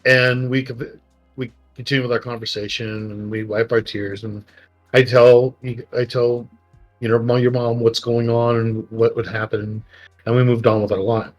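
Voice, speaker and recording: A man's voice: mid-range voice, little pitch movement, normal speed, muffled recording, faint music behind. A middle-aged man, a podcast co-host, telling a long family story in rambling, emotional casual chat.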